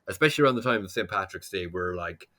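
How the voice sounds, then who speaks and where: A man's voice: sits low, lively intonation, fast, sharp tone. An Irish man co-hosting a podcast from home in a casual, long-winded, rambling chat, swearing freely, into a headset mic. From Ireland. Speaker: podcast co-host.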